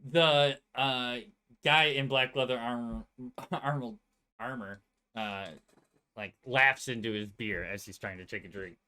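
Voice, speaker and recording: A man's voice: mid-range voice, measured pace, sharp tone, clean tone. A man running a tabletop game as game master, describing scenes hesitantly, with frequent fillers and laughter.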